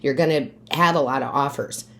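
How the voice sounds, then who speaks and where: A woman with a low voice giving a monthly tarot reading. She coaches her listeners emphatically and keeps checking in with "right?". Now and then she drops into quiet asides, asking the cards for their message. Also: a little fast, creaky. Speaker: tarot reader and medium.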